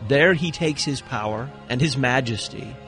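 A man hosting a radio talk show, reading announcements and introducing his guest in a smooth, practiced delivery. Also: mid-range voice, moderate pace, a bit bright, soft background music.

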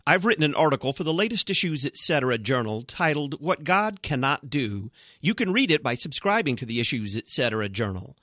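A man hosting a radio talk show, explaining a sermon and promoting a journal in a measured way. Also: medium pitch, big pitch swings, bright, forceful tone, dry recording, studio quality. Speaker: radio host.

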